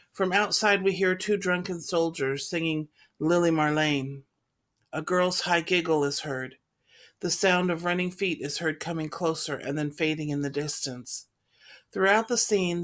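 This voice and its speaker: A woman reading a play aloud, steadily and clearly reading out its stage directions. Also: deep voice. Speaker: reader.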